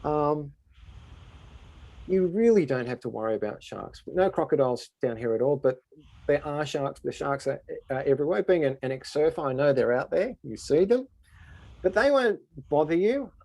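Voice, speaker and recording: A man's voice: fairly high pitch, lively intonation, moderate pace, gravelly, darkish tone, dry recording. An Australian man, a tour guide, answering questions in an easygoing, explanatory way. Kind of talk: casual Q&A answers.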